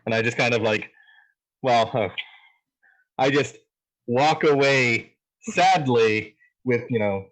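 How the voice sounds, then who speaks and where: Male player, mid-pitched, slow and hesitant as he describes his move. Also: fairly bright tone, low-quality recording. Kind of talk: tabletop game play.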